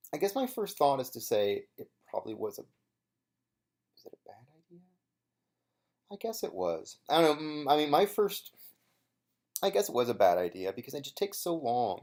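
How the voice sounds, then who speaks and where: A man's voice: mid-range voice, creaky, darkish tone. A young man giving casual solo commentary on an episode he once competed in, rambling and hesitant with many fillers and restarts.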